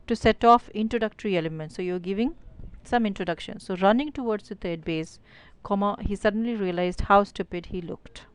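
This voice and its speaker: A woman's voice: fairly low pitch, clear, resonant tone, dry recording. A woman with an Indian English accent teaching an online grammar lesson, explaining step by step with many fillers like "so" and "uh".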